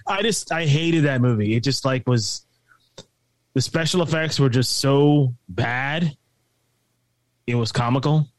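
A man's voice: medium pitch, unhurried, long pauses, dry recording. A man in casual movie chat who talks bluntly and swears freely.

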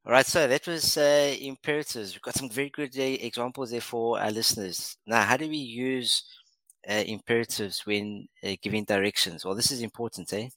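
A man's voice: medium pitch, steady tone, moderate pace, a bit bright, no room sound, low-quality recording. A man co-hosting an English lesson podcast, encouraging and praising often, with many uh fillers. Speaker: podcast co-host.

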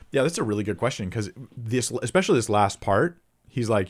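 Low-voiced man casually teaching scripture. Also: expressive, a little fast. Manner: thinking aloud, many restarts, reads scripture aloud. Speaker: Bible Q&A host answering viewer questions. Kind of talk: casual unscripted Bible teaching.

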